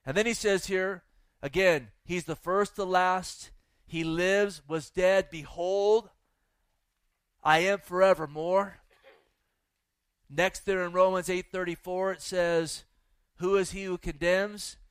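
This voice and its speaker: A man's voice: high voice, steady tone, slow, pauses often, clear, resonant tone, dry recording. A male pastor preaching a fervent sermon to a church audience, exhorting the listeners and reading scripture. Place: church with a live and online audience.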